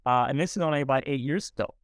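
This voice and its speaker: A middle-aged man talks as a podcast guest, earnest and warm, playing out every quoted line as he tells his story. His voice is smooth and resonant. The sound is dry, close to the mic. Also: mid-range voice, very fast, dry recording. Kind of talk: conversational storytelling.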